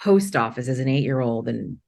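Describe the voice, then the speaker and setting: Woman, middle-aged, from Maine, low-pitched, podcast guest, rambling with restarts, laughs easily. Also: animated, fairly quick, gravelly, a little mellow. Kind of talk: candid conversational storytelling.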